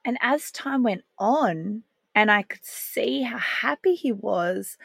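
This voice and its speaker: A woman's voice: on the high side, animated, takes it slowly, creaky, hardly any pauses, fairly bright tone, breathy edge, no echo. A woman, hosting a podcast and telling a candid, heartfelt personal story with the odd laugh. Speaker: parenting podcast host.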